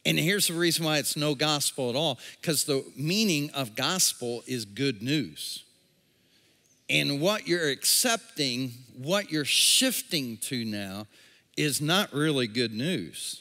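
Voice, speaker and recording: A man with a slightly high, expressive voice speaks slowly in a bright, forceful tone. He is the church's pastor, preaching a sermon and reading scripture aloud, tossing casual asides to the congregation. The church meets in a movie theater, a large room that gives the recording a long, hall-like reverb.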